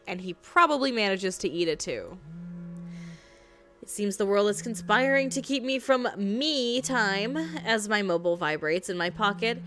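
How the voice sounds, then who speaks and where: An American woman streamer reading a visual novel aloud and chatting in an animated, jokey way, often laughing. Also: medium pitch, normal speed.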